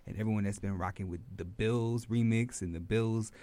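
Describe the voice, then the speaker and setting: A man's voice: on the low side, steady tone, a little fast, dark tone. A man, a musician guest on a radio show, thanking his supporters in an easygoing way. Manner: grateful, easygoing. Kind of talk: casual radio interview. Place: radio studio.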